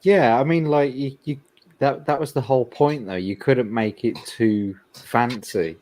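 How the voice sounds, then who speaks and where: A man's voice: medium pitch, a little slow, darkish tone. A man on a stream chatting casually, laughing often and dropping dry wisecracks. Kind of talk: casual chat.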